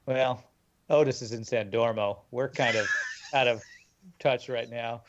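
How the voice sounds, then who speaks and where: A man chatting casually as a player in a tabletop game, joking and animated. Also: medium pitch, unhurried, slight background noise. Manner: joking, animated, laughs often. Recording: dull lo-fi audio.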